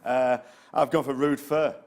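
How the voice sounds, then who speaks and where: A man's voice: medium pitch, flat delivery, measured pace, a little mellow. A man on a sports panel, joking and self-deprecating about his pick. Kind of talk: panel discussion.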